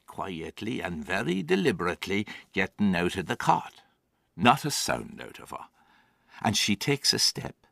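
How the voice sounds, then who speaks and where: A man voices an old Irish farmer who is still haunted by the cattle he lost. His voice sits low and gravelly and swings widely in pitch as he spins a wry monologue. The sound is dry and close. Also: a bit bright, dry recording, heavily acted. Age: older. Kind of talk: theatrical monologue.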